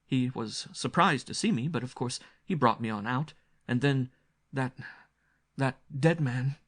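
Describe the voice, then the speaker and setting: A man's voice: mid-range voice, a little slow, pitched above the performer's own voice, lightly acted. A man voicing a frightened, sheltered young woman who stammers and pants as she speaks. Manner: stammering, breathless. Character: frightened, refined young woman fresh from the city.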